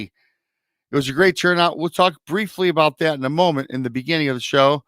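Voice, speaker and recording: A man's voice: mid-range voice, moderate pace, a bit bright, smooth, no echo. A man hosting a live podcast show, running through upbeat promotional announcements in a casual, loose way. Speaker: podcast host.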